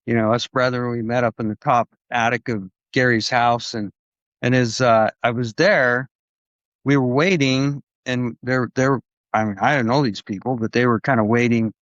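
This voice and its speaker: A man's voice: mid-range voice, steady tone, moderate pace, a bit bright, dry recording. A man, a guest on a podcast, telling a long story in a rambling, conversational way, with many restarts and acted-out quotes. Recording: dull lo-fi dry recording.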